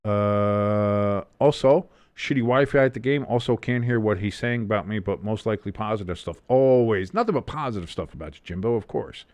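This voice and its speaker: A man speaks at normal speed with few pauses, his fairly low voice darkish in tone and recorded dry. He hosts a live football watch-along, calling plays, reading the chat and chatting casually with viewers while swearing freely.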